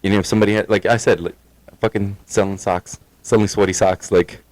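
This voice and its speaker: Podcast co-host, a man with a lowish voice, relaxed and profane, sounds high. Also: quick pace, no echo, low-quality recording. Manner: laid-back, swears a lot, laughs often. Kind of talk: casual chat.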